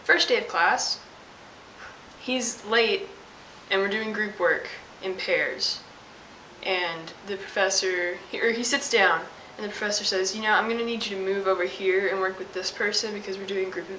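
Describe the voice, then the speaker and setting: A woman's voice: medium pitch, steady tone, moderate pace, sharp tone. A young woman telling an exasperated, sassy story as a casual vlog rant. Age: young adult. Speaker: vlogger. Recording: roomy, distant mic with hiss.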